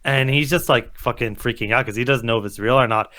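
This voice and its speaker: A man's voice: mid-range voice, fast talker, bright, forceful tone. A man co-hosting a casual podcast chat, ranting with lots of swearing and acting out what other people say. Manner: profane, ranting, acts out quoted people. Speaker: podcast co-host.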